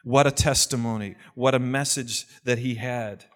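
A pastor giving an earnest, conversational sermon. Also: male voice, medium pitch, steady tone, moderate pace.

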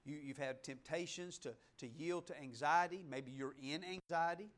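A man preaching a sermon in a church, talking straight to the congregation and swinging between loud, fervent passages and soft, hushed asides. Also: on the high side, moderate pace. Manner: conversational, addresses the congregation directly. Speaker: pastor. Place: church sanctuary, in front of a congregation.

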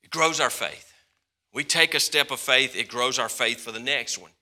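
Bright-voiced preaching pastor. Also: male voice, medium pitch, normal speed. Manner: impassioned preaching, swings from loud to hushed. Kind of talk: sermon.

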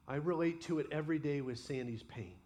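High-voiced impassioned male preacher. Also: a little fast, darkish tone. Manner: impassioned, voices imagined prayers aloud. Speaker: pastor. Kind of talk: sermon.

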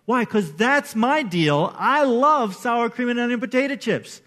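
A male pastor preaching a sermon in a conversational, animated way, acting out the people he quotes. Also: very high-pitched, unhurried.

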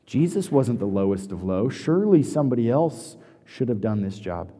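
A pastor delivering a sermon, moving between hushed scripture reading and lively storytelling. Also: male voice, medium pitch, moderate pace. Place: church sanctuary. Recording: long hall reverb.

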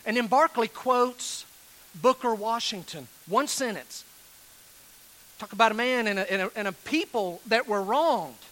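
A male pastor delivers an earnest sermon, pleading with his listeners and leaning hard on slow, stressed phrases. His voice sits high for a man and rings bright and forceful. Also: expressive, poor audio.

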